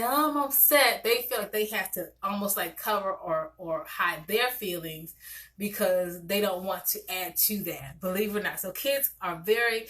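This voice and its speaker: Bright-voiced, animated woman therapist. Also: mid-range voice. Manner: animated and conversational, with many restarts. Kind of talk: casual teaching talk to parents.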